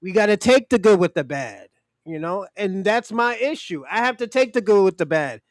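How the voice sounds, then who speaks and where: A man's voice: high-pitched, lively intonation, normal speed, dry recording, clean studio sound. A man hosting a podcast who gives blunt, profane opinions in casual talk and speaks straight to his co-hosts. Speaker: podcast host.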